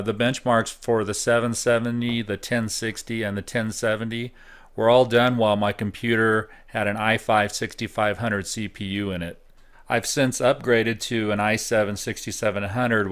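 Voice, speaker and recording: A middle-aged man giving a relaxed, casual review of computer hardware at home, thinking out loud with frequent pauses. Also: lowish voice, clean tone. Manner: relaxed, thinking aloud with fillers. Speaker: tech reviewer.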